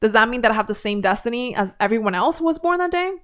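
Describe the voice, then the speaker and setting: A woman's voice: a little high, animated, quick pace. A woman hosting a commentary video, talking through a clip in a chatty, digressive and mildly skeptical way. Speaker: commentary channel host. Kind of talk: casual reaction commentary.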